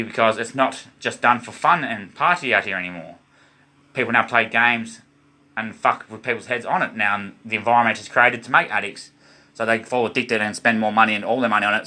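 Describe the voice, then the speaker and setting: A low-pitched Australian man delivering a loose, wandering monologue to his viewers. His tone is bright and forceful, and he drifts between casual chat and half-preaching. He keeps turning to the audience as "guys.".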